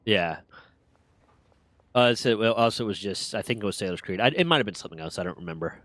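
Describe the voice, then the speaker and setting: A man streaming a game, chatting casually and telling an animated story with a lot of swearing. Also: on the low side, fast talker, no echo. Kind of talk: casual gaming chat.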